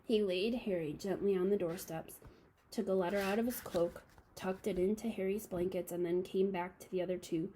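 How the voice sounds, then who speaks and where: A woman reading a children's novel aloud to a class, calm and steady with small slips. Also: mid-range voice, moderate pace, slight background noise, poor audio.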